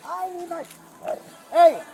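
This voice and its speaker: A woman's voice: extremely high pitch, slow pace, a crowd in the background. A woman begging and pleading over and over as she is being detained outdoors, caught on an officer's body camera. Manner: desperate, repetitive pleading. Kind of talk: bodycam confrontation. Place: outdoors by a beach. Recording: noisy outdoor bodycam audio.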